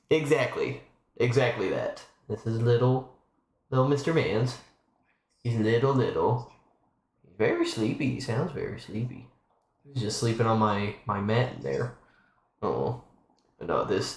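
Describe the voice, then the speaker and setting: A man's voice: medium pitch, echoey room. A man live-streaming from home, chatting in a rambling, casual way with lots of restarts. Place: home room.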